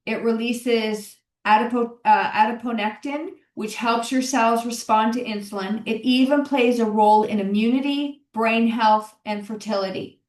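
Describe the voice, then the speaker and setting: A middle-aged health coach hosts a solo podcast, speaking at normal speed with hardly any pauses in a voice on the high side. Her tone is encouraging and conversational, and she often repeats key phrases. The mic sounds distant and roomy.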